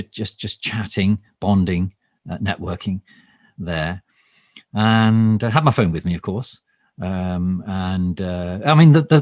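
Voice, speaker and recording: A man's voice: on the low side, no room sound, studio quality, heavily acted. A man playing a bumbling, pompous government minister in a mock live stream, rambling and stammering through ums and restarts. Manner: pompous, overly formal. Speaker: satirical minister character. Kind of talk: improvised comic monologue, mock live stream.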